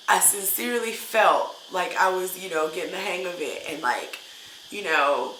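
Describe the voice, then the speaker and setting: A woman's voice: on the low side, fairly bright tone, slight background noise. A woman teacher venting in a casual vlog, upset and full of hesitant fillers. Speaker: English teacher. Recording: roomy echo.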